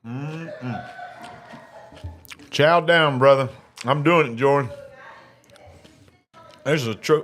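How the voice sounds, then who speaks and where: A man's voice: medium pitch, slow pace, pauses often, a bit bright, slight background noise. Man, easygoing live-stream host who chats and snacks on air. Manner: chatty, eating and reading viewer comments on air. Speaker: livestream host. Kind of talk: casual live election-night chat.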